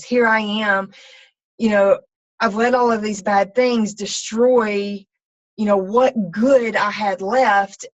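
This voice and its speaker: A woman, a fitness coach, telling her personal story in a candid, rambling way full of ums and restarts. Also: mid-range voice. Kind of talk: personal testimony talk. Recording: slightly dull, lo-fi sound.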